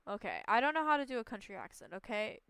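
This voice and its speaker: A woman's voice: on the high side, big pitch swings, quick pace, noisy background. A woman streamer giving chatty, giggly let's play commentary while playing. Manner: giggly, chatty, self-deprecating.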